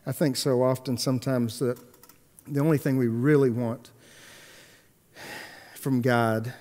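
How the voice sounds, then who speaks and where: A pastor telling a story in a sermon, swinging between hushed and emphatic delivery, with halting restarts and repeated words. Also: male voice, mid-range voice, steady tone. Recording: long echoey hall reverb.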